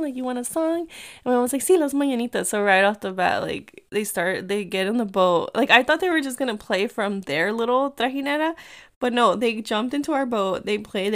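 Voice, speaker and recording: A woman in her thirties from the United States chats through a story for her podcast. Her voice is smooth and clean, at a middle pitch. She talks in quick bursts and drops in Spanish phrases. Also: fairly bright tone. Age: 30s. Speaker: podcast host. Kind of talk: casual chat.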